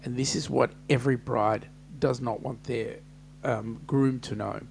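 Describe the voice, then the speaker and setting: An Australian man with a gravelly, fry-laden voice hosts a relaxed live-stream chat. He talks slowly and jokes around, greeting viewers by name. A faint hum sits under his voice. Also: mid-range voice. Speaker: host. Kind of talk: casual live-stream chat reading comments.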